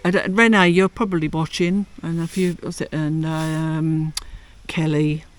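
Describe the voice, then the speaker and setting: A chatty man with a South London accent, talking in a casual podcast chat. His voice sits a little high for a man. He is easygoing and self-deprecating. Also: flat delivery, a little slow. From England. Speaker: podcast co-host. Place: home in France.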